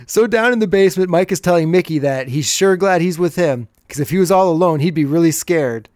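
A man's voice: on the high side, a little fast, a little mellow, dry recording, clean studio sound. A man hosting a podcast, casually recapping an old TV episode and chuckling as he retells the scenes.

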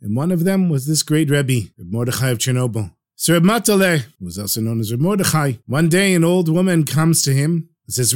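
A man narrating a traditional story for a podcast in an earnest, lively way. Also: fairly high pitch, a little fast, few pauses.

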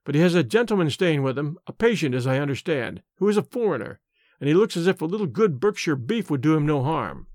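A man's voice: fairly high pitch, big pitch swings, fast, a little mellow, dry recording, studio quality. A man reading the part of a deferential station master, respectful and gossipy. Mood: chatty. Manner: respectful, gossipy, says sir often. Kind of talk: audiobook character reading.

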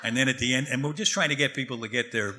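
An older man, a veteran actor, chatting as a guest in a wry, halting way. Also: medium pitch, heavy background noise. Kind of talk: casual chat.

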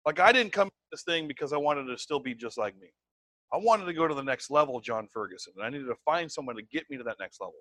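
A man's voice: mid-range voice, fast talker, dry recording. A man teaching a live sales training to a group, emphatic and conversational, tagging his points with "right?" and "okay?". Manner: repeats words, conversational and animated.

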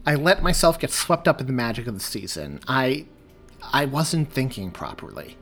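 A man's voice: mid-range voice, very animated, moderate pace, a bit bright, soft background music. A man voicing a firm but flustered young man in an audiobook reading.

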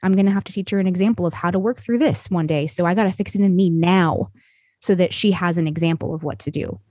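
A woman's voice: fairly low pitch, quick pace, mellow, dry recording, clean studio sound. A woman talking as a podcast guest, telling stories in an earnest, rambling way full of "you know" and "like". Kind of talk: conversational storytelling.

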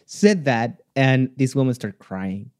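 A man, chatting as a guest and telling a story with lively acted-out quotes. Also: mid-range voice, slow pace, dry recording, studio quality. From Chile. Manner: animated storytelling, acting out quotes. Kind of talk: casual chat.

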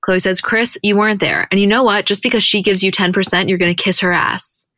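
A woman co-hosting a podcast, recapping a show in casual chat and quoting people in quick animated bursts. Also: mid-range voice, no echo, clean studio sound. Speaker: podcast co-host.

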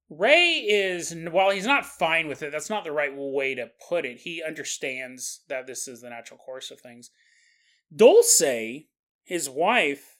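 A male podcast host telling a story in a relaxed, conversational style, often pausing for asides to the listener. His voice is bright and forward in tone, and he talks at an unhurried, slow pace. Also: fairly high pitch.

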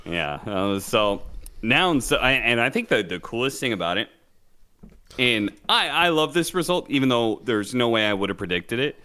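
A young man with a bright, ringing voice chats casually as co-host of a podcast. His pitch swings widely as he acts out other people's lines, and he swears freely. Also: animated, moderate pace, smooth. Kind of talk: casual chat.

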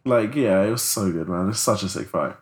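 A man's voice: low voice, a little fast. A man co-hosting a podcast in casual chat, rambling loosely and filling his talk with "like". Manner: loose, rambling, heavy use of "like". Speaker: podcast co-host.

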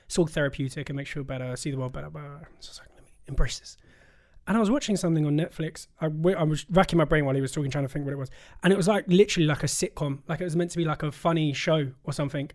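Man, podcast guest, rapid and jokey, slightly higher voice. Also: darkish tone. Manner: jokey, quick, playful. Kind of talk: casual podcast chat.

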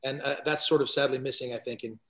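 A man guesting on a podcast, chatting and telling stories in an animated way, often restarting his sentences. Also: mid-range voice, quick pace, reverberant. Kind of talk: casual chat, storytelling.

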